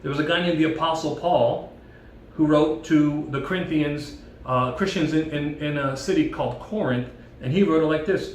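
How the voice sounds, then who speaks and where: A man giving a playful devotional talk with props, telling a story in a jokey, animated way. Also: on the high side, slight background noise. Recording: echoey room, mic at a distance.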